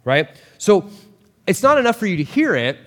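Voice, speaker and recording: A man preaching a sermon as a pastor, talking in a casual, animated way with quick asides. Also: high-pitched, in a large hall.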